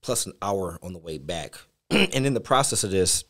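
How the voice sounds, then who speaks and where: A man's voice: low-pitched, normal speed. A middle-aged man co-hosting a casual faith podcast, telling a personal story and saying "man" in nearly every phrase. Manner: says "man" constantly, animated storytelling. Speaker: podcast co-host, pastor.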